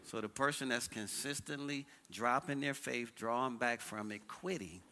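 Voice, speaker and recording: A man's voice: medium pitch, normal speed, bright, forceful tone. A male pastor preaching a sermon in a church, leading his congregation in call-and-response with energy.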